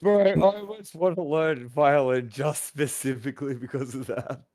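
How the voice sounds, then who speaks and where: A man's voice: on the high side, steady tone, moderate pace, a little mellow. An Australian man co-hosting a podcast, joking and swearing in casual crude banter. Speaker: podcast co-host.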